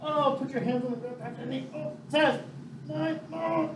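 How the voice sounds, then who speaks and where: A high-voiced woman leads a yoga class as coach, joking around and counting down each hold. She sounds set back from the mic in an echoey room with clear background noise. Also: normal speed, far from the mic. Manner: jokey, counts holds aloud, hams it up. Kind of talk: playful yoga instruction.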